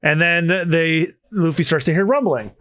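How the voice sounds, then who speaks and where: A man co-hosting a podcast. He reads a comic aloud, voicing the characters with lively, high, shouting lines. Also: moderate pace, no room sound, clean studio sound. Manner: animated, voices characters with high shouting pitch. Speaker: podcast co-host. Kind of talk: manga readthrough, reading lines aloud with voices.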